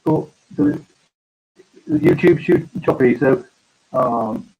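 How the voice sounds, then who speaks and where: Man, farmer host, halting casual live-stream chat, somewhat husky, dull lo-fi audio. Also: medium pitch, huge pitch swings. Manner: halting, full of ums and restarts.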